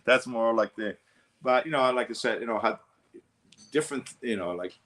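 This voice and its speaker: A martial arts instructor with an Italian accent, rambling in casual chat with lots of fillers and laughs. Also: male voice, mid-range voice, normal speed, a bit bright.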